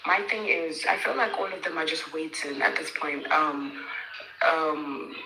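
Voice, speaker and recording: A woman talking in a halting, emotional way, with many fillers and restarts, in a casual online discussion. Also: sits low, fairly even intonation, noisy background. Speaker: participant in an online audio room. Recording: echoey with faint music behind.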